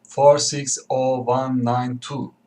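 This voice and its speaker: A man doing Raymond, a flat-voiced routine-bound man. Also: medium pitch, slow pace, natural voice, low-quality recording. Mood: fixated. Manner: flat, repetitive, muttering. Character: anxious adult man fixed on routines.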